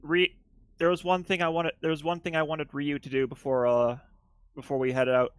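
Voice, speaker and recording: A man plays in a tabletop game, talking in a halting, hesitant way. His voice is smooth and fairly high. The sound is dry. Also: flat delivery, dry recording. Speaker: player. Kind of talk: casual tabletop game play.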